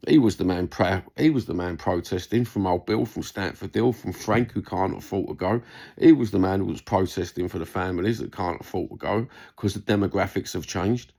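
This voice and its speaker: Gravelly London man ranting to camera. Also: sits low, brisk, a little mellow. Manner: heated, sweary, repeats himself. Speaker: vlogger responding to a comment. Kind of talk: angry rant to camera.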